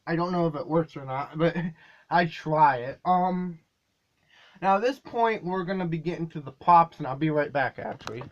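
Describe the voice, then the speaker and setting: How does he make his comedy videos? A video creator with a fairly high voice explains it casually at a moderate pace, rambling slightly and correcting himself. The high frequencies in the recording are cut off.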